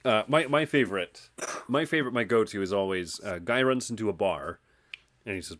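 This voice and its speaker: Male co-host, casual chat, lively swinging pitch, stammers. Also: fairly quick. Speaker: podcast co-host. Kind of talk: casual chat, telling jokes.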